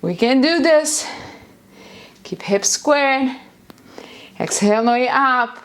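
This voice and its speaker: A fairly high-voiced woman leads a live workout from home, firing off exercise cues and countdowns with lots of energy. She speaks slowly and deliberately, stretching out her instructions, and her breathing shows the effort now and then. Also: lively intonation. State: out of breath at times. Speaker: fitness instructor. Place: home, near a busy street.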